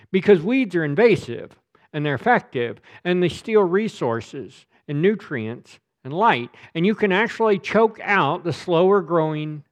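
A man's voice: fairly high pitch, dull audio. A man preaching a sermon as pastor, speaking emphatically and often repeating words as he presses a point.

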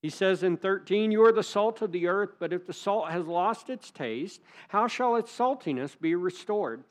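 A man's voice: sits high, expressive, normal speed. A man preaching a sermon as pastor, earnest and emphatic, leaning hard on key words.

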